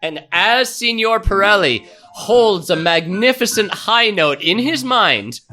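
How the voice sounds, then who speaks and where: A man narrating a scene excitedly during a live improv comedy show. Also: high-pitched, slow, soft background music. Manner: excited, lively storytelling.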